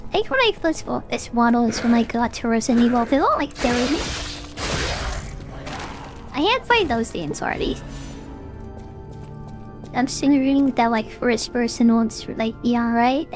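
A woman's voice: on the high side, expressive, moderate pace, long pauses, faint music behind. A young woman streaming a video game, chatting casually and rambling with many fillers. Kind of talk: casual gaming stream chat.

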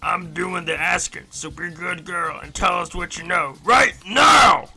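A man voicing a blustering, pompous male villain commander in a video game, gruff and threatening as he barks orders. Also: high voice, unhurried, bright, forceful tone, shouting, soft background music, heavily acted. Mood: menacing.

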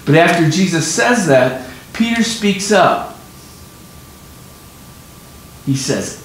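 Slow, emphatic preacher in echoey room. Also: male voice, sing-song. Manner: emphatic, explains and repeats key points. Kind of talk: sermon teaching on scripture. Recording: very echoey room, faint rumble.

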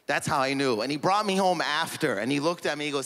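Stand-up comedian, man, rambling delivery, slightly high voice, hall reverb. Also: brisk, a bit bright. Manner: rambling, heavy use of "like". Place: comedy stage before an audience.

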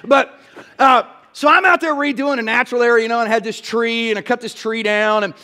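A man's voice: extremely high pitch, fairly even intonation, fairly quick, bright, forceful tone. A male pastor, preaching a sermon in a church in a folksy, storytelling way and asking the crowd "y'all".

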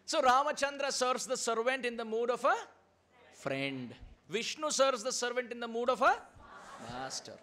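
High-voiced Indian man preaching. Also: expressive, normal speed, pushed and bright. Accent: Indian English. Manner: leads call-and-response, chants Sanskrit verses. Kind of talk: storytelling sermon.

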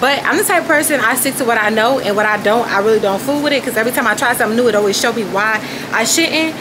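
A young woman vlogging casually to a phone camera in a room, chatty and animated, addressing viewers constantly with a hum from an air conditioner behind her. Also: on the high side, quick pace. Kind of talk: casual vlog chat to camera.

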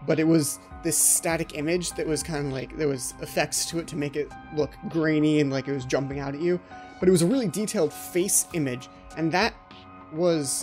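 A man's voice: on the high side, a little mellow. A man giving horror game let's play commentary as the channel host, jumpy and anxious, often repeating his pleas.

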